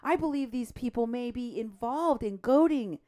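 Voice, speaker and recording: A woman co-hosting a political talk show, animated and indignant, her voice jumping up when she is outraged. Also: a little high, moderate pace. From Mexico. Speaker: co-host.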